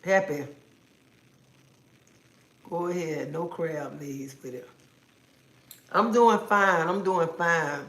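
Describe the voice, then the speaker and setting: A woman's voice: fairly low pitch, slow, pauses often, fairly bright tone. A woman hosting a casual livestream from home, chatting and playfully scolding her viewers in a sassy, talkative way. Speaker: livestream host. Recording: roomy echo.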